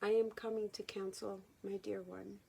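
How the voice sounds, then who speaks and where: A woman channeling a gentle male spirit guide who counsels humanity, speaking in a slow, hushed, drawn-out way. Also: mid-range voice, level tone, vocal fry, husky. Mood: solemn. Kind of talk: spoken channeling.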